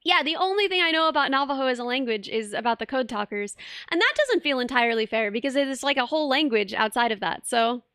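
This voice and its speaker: A young woman with a high, bright-pitched voice chats casually on a live stream, talking to her viewers. She rambles and restarts her sentences often. The sound is dry and close, with no room echo. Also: quick pace, smooth. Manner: rambling, animated, many restarts and "like".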